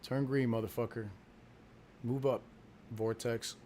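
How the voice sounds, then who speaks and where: A man's voice: medium pitch, steady tone, a little slow, slight background noise. A man hosting a casual stock market livestream, joking and swearing as he talks about his trades and his family. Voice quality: profane, joking, loud bursts of laughter. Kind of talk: casual trading livestream chat.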